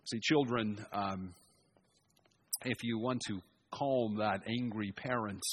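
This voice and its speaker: A man preaching an expository sermon, shifting between emphatic raised passages and quiet asides. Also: lowish voice, takes it slowly, pauses often, a little hiss or hum.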